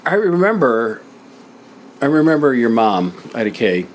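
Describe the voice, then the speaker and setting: A man interviewing a relative about family history and prompting her with gentle questions. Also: mid-range voice, sing-song, measured pace, a little hiss or hum.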